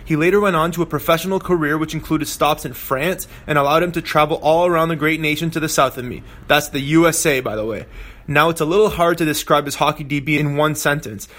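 A man's voice: on the high side, quick pace, a bit bright. A man in his thirties, a podcast host reading a playful, jokey introduction. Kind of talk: scripted introduction.

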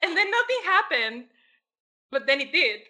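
A woman's voice: sits high, moderate pace. A woman co-hosting a casual podcast chat, telling stories with frequent laughter; English is not her first language. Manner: animated storytelling with frequent laughter. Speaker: podcast co-host.

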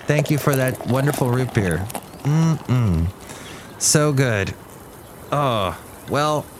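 A man's voice: medium pitch, animated, slow pace, noisy background. A man hosting his own show in a casual, rambling monologue, thinking aloud as he talks. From California. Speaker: host.

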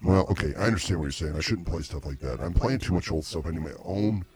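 A man's voice: deep voice, quick pace, darkish tone, faint music behind. A man hosting a comedy show in casual banter, blunt and easily irritated.

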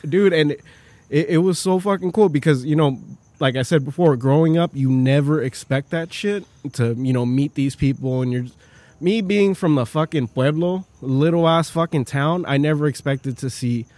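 A man's voice: a little high, moderate pace, dry recording. Swearing man telling stories, dry sound. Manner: profane, animated storytelling. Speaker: podcast guest. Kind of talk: casual chat.

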